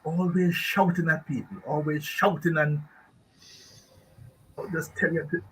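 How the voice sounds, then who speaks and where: Jamaican man, radio guest expert, emphatic and rambling, bright somewhat high voice. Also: steady tone, a little slow, a little hiss or hum, poor audio. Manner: emphatic, rambling, asks rhetorical questions. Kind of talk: radio talk show discussion.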